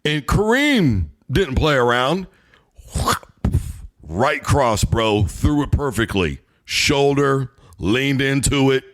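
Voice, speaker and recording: Male sports opinion host, heated and emphatic, very lively intonation. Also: mid-range voice, slow. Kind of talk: opinionated sports commentary monologue.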